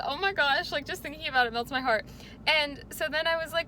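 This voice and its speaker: A woman's voice: sits high, a little fast, pushed and bright, a little hiss or hum. A young woman chatting casually to camera in a vlog, bubbly and gushing, with lots of fillers. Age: young adult. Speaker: vlogger.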